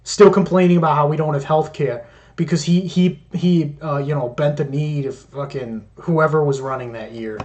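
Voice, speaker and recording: High-voiced sarcastic man mocking clips. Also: steady tone, moderate pace, a little mellow, lo-fi sound. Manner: mocking, sarcastic, heavy swearing. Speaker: commentator reacting to clips. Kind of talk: profane sarcastic commentary.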